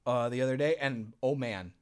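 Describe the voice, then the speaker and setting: A young man co-hosting a casual podcast chat, telling stories in an animated, profane way and acting out his own reactions. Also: medium pitch, moderate pace, clear, resonant tone. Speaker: podcast co-host.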